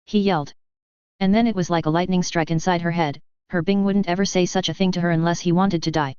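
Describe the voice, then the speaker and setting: A steady audiobook narrator reading a fantasy story in an even way. The voice is very smooth and sits at a middle pitch. The recording is dry and a little muffled. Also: fast, no room sound.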